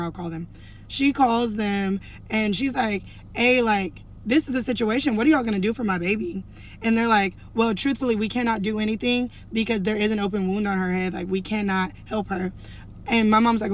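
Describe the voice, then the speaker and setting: A young woman telling a storytime to camera in a casual, chatty way, full of "like" and acting out what others said. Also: mid-range voice. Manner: chatty, heavy use of "like", acts out quoted lines.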